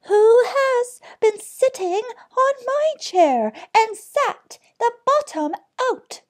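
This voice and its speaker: A woman voicing a teeny tiny boy bear from a storybook, squeaky and wailing. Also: sing-song, very slow, full character voice. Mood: outraged.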